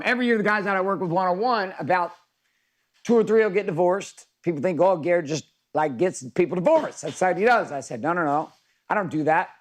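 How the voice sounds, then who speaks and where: Middle-aged guy coaching a workshop online, casual and swears a lot, voice a bit on the high side. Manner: casual, profane, storytelling. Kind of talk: live virtual workshop talk.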